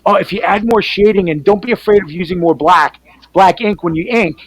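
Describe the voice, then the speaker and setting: A man, an artist, chatting casually and telling animated stories, acting out other people's voices and swearing freely. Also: sits high, a little fast, rough recording. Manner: animated storyteller who acts out quoted voices. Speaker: artist on a team panel show. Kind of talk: casual storytelling chat.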